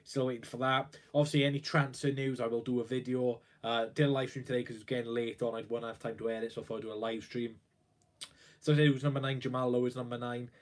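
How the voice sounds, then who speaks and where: A man's voice: medium pitch, flat delivery, fast talker. A young man talking on his own live stream about his football club, rambling and worried, with plenty of fillers and restarts. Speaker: football fan livestreamer. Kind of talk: casual live-stream commentary.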